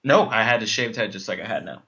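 A man's voice: lowish voice, animated, quick pace, lo-fi sound, a crowd in the background. A man telling a comic dating story in casual chat, rambling with many fillers and restarts.

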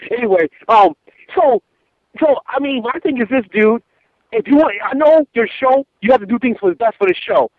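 On a casual phone call, a man tells his story in a loose, animated rush, repeating himself, circling back, and restarting. His voice is very high for a man and moves at a moderate pace. The tinny phone line is thin and dry, with no room sound.

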